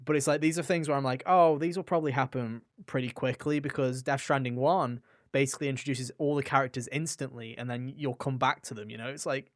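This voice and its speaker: Young male podcaster, mid-pitch, excitable, loose chatty delivery, dry close sound. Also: quick pace, few pauses, no echo. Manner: enthusiastic, rambling with frequent fillers and restarts. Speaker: podcast co-host. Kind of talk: casual gaming podcast chat.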